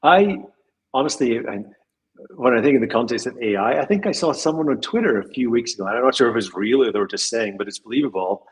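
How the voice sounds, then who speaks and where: A husky-voiced man of middle pitch talking as a podcast guest. He muses thoughtfully, trails off mid-thought, and chuckles now and then. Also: lively intonation, quick pace, rough recording. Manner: reflective, trails off, chuckles while speaking. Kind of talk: casual chat.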